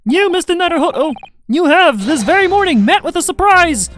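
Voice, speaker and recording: A grand, eccentric detective holds forth in lofty, flowery speech, put on by a woman reading a game aloud. The voice sits high and bright, far above her usual register. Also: expressive, fairly quick, faint music behind. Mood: grandiloquent. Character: pompous eccentric male detective, brash and theatrical.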